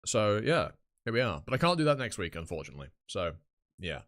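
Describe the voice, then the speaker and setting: A man's voice: on the low side, very animated, fast, fairly bright tone. A young man chatting casually on a live reaction stream, rambling and swearing freely. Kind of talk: live reaction stream, reading a webtoon aloud.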